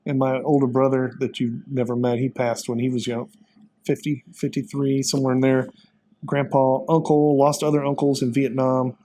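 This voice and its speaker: A man's voice: mid-range voice, flat delivery, normal speed, dark tone. A man, a guest telling folksy, rambling stories in a casual conversation. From Texas. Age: 50s. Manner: rambling, folksy storytelling with many fillers. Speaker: interview guest.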